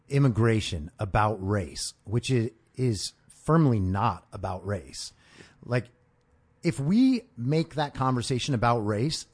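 A man's voice: mid-range voice, darkish tone. A man hosting a casual podcast conversation, making emphatic points and agreeing with his guest. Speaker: podcast host. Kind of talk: casual chat.

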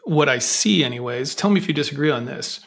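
A man's voice: on the high side, lively intonation, fast, creaky, fairly bright tone. A man hosting a podcast interview, talking in a loose conversational way with frequent restarts. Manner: conversational, restarts and self-corrections. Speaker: podcast host.

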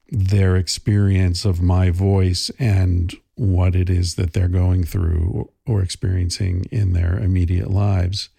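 Deep gravelly-voiced man, husky and dark. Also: no echo. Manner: rambling, thoughtful, frequent fillers and restarts. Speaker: podcast host. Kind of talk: casual monologue.

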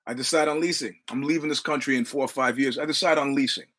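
Brief: male podcast host, mid-pitched, casual storyteller, swears freely, hammers lines by repeating them. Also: steady tone, fast, a bit bright. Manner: profane, repetitive, punchy delivery.

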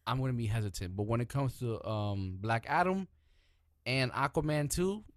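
A man co-hosting a casual chat about TV shows, animated and swearing, acting out characters as he tells the story. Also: medium pitch, moderate pace, dry recording, clean studio sound. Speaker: podcast co-host.

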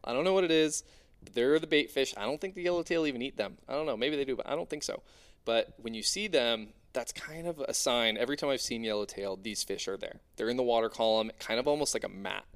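A young man casually telling an animated, excitable diving story, full of fillers. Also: mid-range voice. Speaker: spearfishing diver guest.

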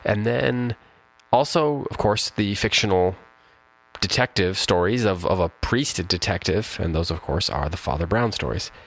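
Deep-voiced man talking through a poem. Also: normal speed, rough recording. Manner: relaxed, thoughtful, with restarts and fillers. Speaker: poetry podcast host. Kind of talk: casual talk about a poem with slow read-aloud.

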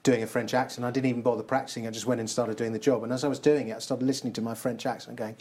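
A man's voice: mid-range voice, flat delivery, racing, dark tone, a little hiss or hum. A man, a voice-over artist, interviewing his guest in casual conversation with articulate explanations.

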